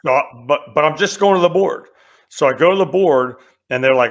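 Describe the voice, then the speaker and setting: Animated middle-aged man telling stories. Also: a little high, brisk. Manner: animated storyteller, acts out quotes. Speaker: podcast guest, military veteran. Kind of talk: casual storytelling.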